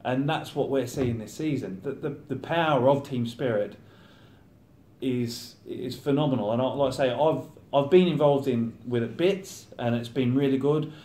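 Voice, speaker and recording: Man, 30, professional footballer, relaxed interview talk, mid-pitched, echoey room sound. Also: moderate pace. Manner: chatty, acts out teammates' banter. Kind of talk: casual interview chat. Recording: roomy echo.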